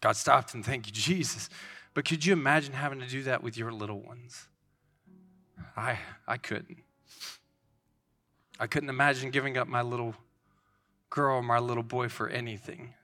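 A man's voice: mid-range voice, fairly even intonation, normal speed, pauses often, bright, forceful tone, faint music behind. A man in his thirties giving an informal, earnest sermon, rambling with many restarts.

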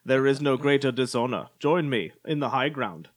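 A man doing a star-actor knight's voice as a dark lord. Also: mid-range voice, moderate pace, close to an everyday voice. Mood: mock-menacing. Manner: mixing sci-fi lines into a villain speech, playful. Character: impression of a famous actor as an Obi-Wan-style dark lord, man.

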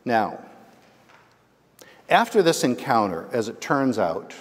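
With long reverb from a large hall around him, a male pastor delivers a conversational, animated sermon built on storytelling. He speaks slowly at a medium pitch and keeps checking in with the congregation by asking "right?".

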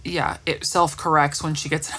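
A woman co-hosting a casual podcast chat about a TV series, talking in animated bursts. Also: low-pitched, moderate pace, slightly rough.

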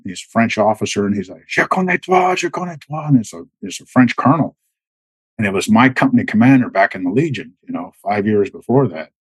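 Husky, halting middle-aged man. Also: lowish voice, no room sound, poor audio. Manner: halting, many restarts and repeated words. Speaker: guest, retired Army Green Beret. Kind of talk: casual storytelling.

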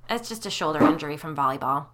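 A woman voicing a practical, matter-of-fact adult woman in an audio story, speaking in brisk, plain phrases. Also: sits low, lively intonation, noisy background.

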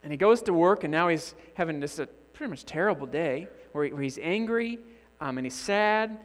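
A slightly high-pitched man preaches from a church pulpit, telling an illustrative story and voicing its characters as he goes. His voice rings out with a long reverb tail in the sanctuary. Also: fairly quick. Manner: animated storyteller acting out characters' lines. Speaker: guest preacher. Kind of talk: sermon storytelling.

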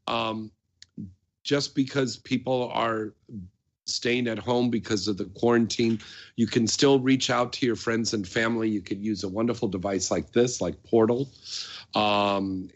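A man hosting a radio show, talking casually in a chatty, rambling way with many fillers. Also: mid-range voice. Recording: dull lo-fi sound.

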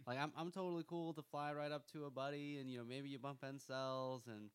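A man's voice: medium pitch, steady tone, a little fast, clear, resonant tone, no echo. A man in a casual chat, easygoing and laughing, firm when he says no. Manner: easygoing, laughs, emphatic refusals.

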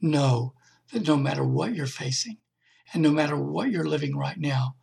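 A man's voice: a little high, moderate pace, creaky, a little mellow, husky. A man giving a heartfelt devotional testimony for his podcast, telling a personal story with emphatic feeling. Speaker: podcast speaker.

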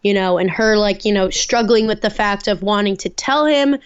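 A woman's voice: medium pitch, moderate pace, clean tone, dull audio. A woman co-hosting a podcast, chatting casually about a reality show with lots of "like" and "you know" fillers. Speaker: podcast co-host. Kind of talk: casual chat.

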